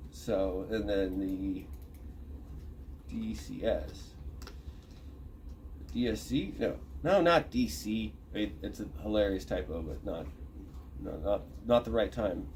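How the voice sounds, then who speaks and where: A man's voice: on the low side, expressive, takes it slowly, pauses often, a little mellow, a little hiss or hum. A man reading a list aloud from an online thread, breaking off to comment, look terms up and correct himself. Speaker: channel host reading a thread.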